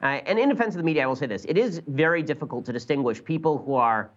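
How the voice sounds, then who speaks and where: A man's voice: fairly high pitch, lively intonation, racing, fairly bright tone, lo-fi sound. A male guest on a talk show, riffing sarcastically on politics and the media in casual banter. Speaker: guest commentator.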